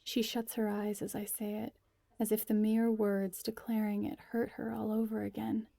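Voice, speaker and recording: Gravelly woman reading a story intimately. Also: mid-range voice, completely flat delivery, moderate pace, warm tone, no echo. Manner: intimate, often near a whisper. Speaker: narrator. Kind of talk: first-person story reading.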